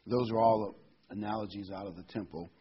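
A man with a husky voice delivers a sermon, leaning hard on key scripture words. The recording sounds dull and lo-fi. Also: fairly low pitch, fairly even intonation, a little fast. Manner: emphatic, reads and stresses scripture words. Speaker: preacher.

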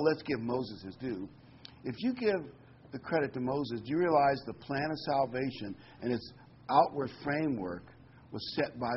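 A man's voice: mid-range voice, lo-fi sound, slight background noise. A middle-aged male pastor preaching a folksy, conversational sermon with asides and corny jokes.

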